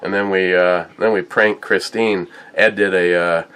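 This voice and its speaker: Man, deep low voice, slow unhurried delivery, rambling casual tasting review. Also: steady tone, a bit bright, clear, resonant tone. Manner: rambling, halting storytelling. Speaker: whiskey and beer reviewer.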